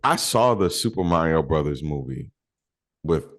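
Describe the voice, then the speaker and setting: A man co-hosting a podcast, chatting casually about movies, animated and swearing freely. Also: very deep voice, normal speed. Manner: animated, swearing, mock New York voices. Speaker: podcast co-host.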